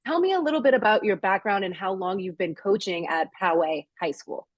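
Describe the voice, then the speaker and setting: A woman's voice: mid-range voice, fairly quick, no echo, highs cut off. A young woman from Virginia hosting a casual interview in an upbeat way. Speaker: interviewer, host.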